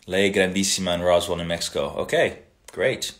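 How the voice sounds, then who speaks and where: A man hosting a casual livestream, reading out viewer comments and greetings and answering them in a relaxed way, now and then slipping into Italian phrases. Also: sits low, brisk.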